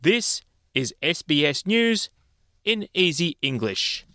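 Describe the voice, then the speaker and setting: A man reading the news in a measured, clear studio delivery. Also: fairly high pitch, big pitch swings, pushed and bright, no room sound. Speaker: news presenter. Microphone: studio microphone.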